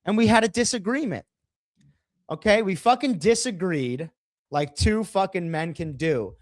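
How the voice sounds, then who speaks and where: A man's voice: high voice, lively intonation, unhurried, dry recording. A man co-hosting a podcast, brash and profane, walking viewers through a video. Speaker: podcast co-host. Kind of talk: casual podcast discussion.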